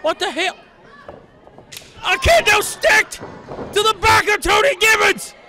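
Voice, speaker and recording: Excitable male ringside announcer, very high pitch, frequent shouts and exclamations. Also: slow, some chatter behind. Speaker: play-by-play wrestling commentator. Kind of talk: excited live play-by-play commentary.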